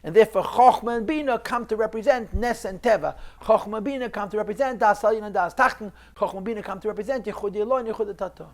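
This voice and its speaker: A man teaching a recorded class on a Chassidic text, explaining step by step, repeating key phrases and mixing Hebrew and Yiddish terms into his English. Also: sits high. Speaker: Torah teacher.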